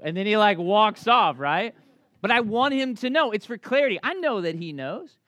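A man's voice: sits high, lively intonation, fast, no room sound. Dry, upbeat man preaching. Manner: conversational storytelling, swinging between loud bursts and hushed lines. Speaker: pastor. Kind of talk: sermon.

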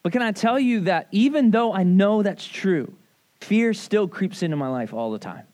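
A man preaching a casual sermon, talking to a congregation in a loose, animated way full of asides and questions. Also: high-pitched, moderate pace. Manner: conversational, animated, lots of "like" and "right?". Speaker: pastor. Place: church service.

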